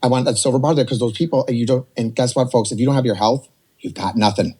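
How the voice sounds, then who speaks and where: A man in his forties telling a personal story on a podcast, animated and rambling, slipping into voices to act out what others said. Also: mid-range voice, quick pace, slightly rough. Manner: animated, rambling, jumps between quoted voices. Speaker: podcast guest. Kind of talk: casual storytelling.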